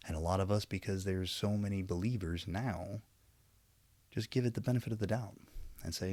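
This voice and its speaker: Speaking straight to camera, a vlogger with a fairly low, darkish voice rambles through an opinion monologue, preachy yet self-aware, drifting into wry asides. His intonation stays fairly even at normal speed, and the sound is dry and close with no room echo.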